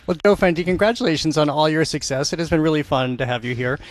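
A male radio culture show host interviewing a guest, friendly and quick to laugh, with polished sign-offs. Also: fairly high pitch. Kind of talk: interview hosting. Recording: dry close studio mic.

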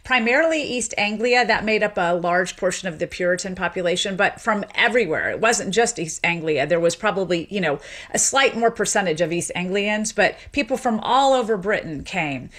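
Briskly and in a mid-range voice, a Tennessee-raised sociolinguist from Memphis offers long, animated explanations in an interview, frequently leaning on fillers.

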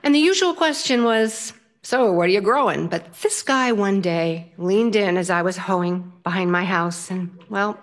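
An older woman telling a personal story in an animated way, often laughing as she talks. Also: medium pitch, a little slow, hardly any pauses.

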